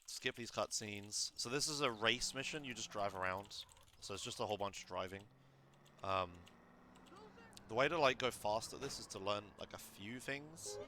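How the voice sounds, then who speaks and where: A man's voice: fairly low pitch, moderate pace, a little hiss or hum. Man casually coaching a game speedrun. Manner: relaxed, instructive, many fillers.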